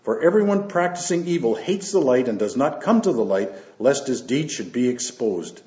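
A man preaches to his church in an unhurried way, reading scripture aloud and breaking off for asides and fillers between verses. His voice sits in a middle pitch. It comes through a roomy, somewhat dull lo-fi recording of the church. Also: sing-song, dark tone. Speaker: pastor.

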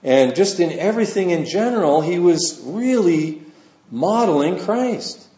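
A man's voice: sits high, lively intonation, a little slow, dark tone. A man preaching a sermon in a conversational, folksy way, mixing scripture reading with personal asides. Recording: roomy, slightly dull sound.

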